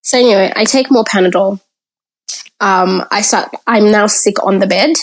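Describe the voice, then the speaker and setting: This mid-range female voice moves at a moderate pace, captured on a low-quality recording. She is a podcast guest speaking frankly about her childhood, relating it in the present tense as a personal story in conversation.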